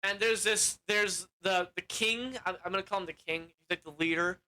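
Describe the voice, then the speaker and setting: A reviewer rambles through a plot summary, stumbling and correcting themselves as they go and swearing offhandedly. The voice is bright and clear at a middle pitch. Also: moderate pace, rough recording. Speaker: film reviewer. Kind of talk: casual plot recap.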